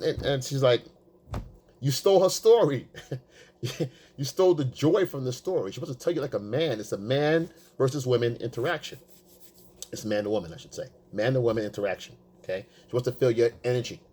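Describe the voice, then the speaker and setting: A man giving casual, profane dating advice, emphatic and blunt, acting out quotes in a high voice. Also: animated, a little fast, a little mellow, slightly rough. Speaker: dating coach. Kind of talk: casual coaching monologue.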